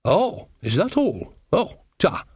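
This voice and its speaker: A man's voice: high-pitched, huge pitch swings, takes it slowly, a little mellow, slightly rough, dry recording, clean studio sound, pitched above the performer's own voice, exaggerated voice. A man voicing a cheerful, bawdy old female country witch who sounds chirpy and flustered, in a storybook reading. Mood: flirty. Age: older.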